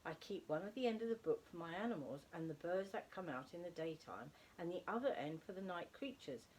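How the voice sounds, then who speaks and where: A woman's voice: lowish voice, expressive, brisk, a little mellow, a little hiss or hum, close to an everyday voice, low-quality recording. A woman voicing a sweet, kind young lady who draws in a sketchbook, in a storybook reading. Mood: gentle.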